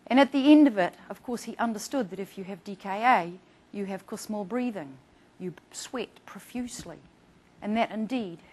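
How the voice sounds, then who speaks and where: A woman's voice: mid-range voice, darkish tone, slightly rough, rough recording. A middle-aged woman doctor gives an instructional talk about patient care. She speaks earnestly and tells case stories, acting out what her patients said. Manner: earnest, storytelling, acts out patient quotes. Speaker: doctor presenting to patients and providers.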